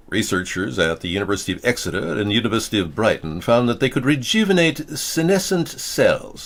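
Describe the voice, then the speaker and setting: Low-voiced rambling joking male host. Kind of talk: casual political talk show commentary.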